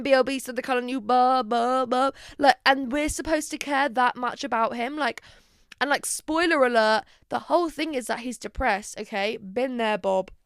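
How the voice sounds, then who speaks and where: Young woman vlogger, casual and sweary, smooth clear voice, fairly high, close and dry. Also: dry recording. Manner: chatty, swearing, quick asides; playful, dramatic exclamations. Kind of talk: casual chat to camera.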